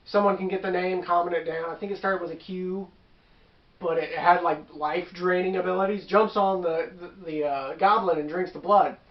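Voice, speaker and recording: Brief: chatty game master, man, high-ish voice, rambling with asides, dull roomy sound. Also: steady tone, normal speed. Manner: rambling, with asides and self-corrections. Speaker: tabletop game master recounting a session. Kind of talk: casual storytelling.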